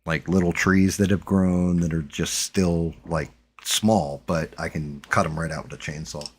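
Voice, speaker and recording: A man's voice: deep voice, steady tone, measured pace, a little hiss or hum. A man hosting a livestream, talking in loose, rambling casual chat and swearing freely. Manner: rambling, swears freely, slips into mock voices. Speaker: livestream host.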